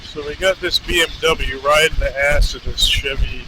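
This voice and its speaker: A man rambling profanely and mocking himself while riding a motorcycle down a highway, recorded on a helmet mic. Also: normal speed. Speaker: vlogger. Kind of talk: casual monologue while riding. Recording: loud road and wind noise.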